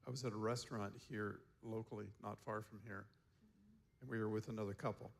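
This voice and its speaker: A man's voice: on the low side, fairly quick, vocal fry. Chuckling male seminar storyteller. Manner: relaxed anecdotal telling, chuckling often. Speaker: seminar presenter and counselor. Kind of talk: storytelling talk to a seminar group.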